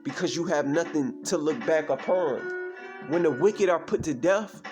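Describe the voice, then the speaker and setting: A man's voice: on the high side, moderate pace, over music. A man teaching from scripture, reading verses aloud and explaining them, often asking "you understand me?". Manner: repeats "you understand me?" as a refrain. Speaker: preacher.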